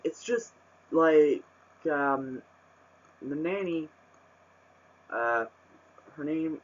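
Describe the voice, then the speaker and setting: A man's voice: on the high side, lively intonation, extremely slow. A man reviewing a book in a casual vlog, rambling with lots of fillers and restarts, and bursting into exasperated rants. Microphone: webcam microphone. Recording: muffled webcam audio.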